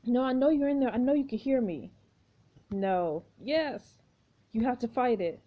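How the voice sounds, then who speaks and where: A woman's voice: fairly high pitch, unhurried. A woman voicing a frightened teenage heroine in a story game, urgently pleading with a friend. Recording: dull lo-fi recording.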